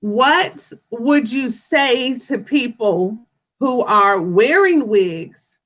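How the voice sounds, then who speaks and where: A woman hosting a casual interview. She speaks in a chatty, encouraging way and phrases her questions deliberately. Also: a little high, lively intonation, fairly bright tone, low-quality recording. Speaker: talk show host.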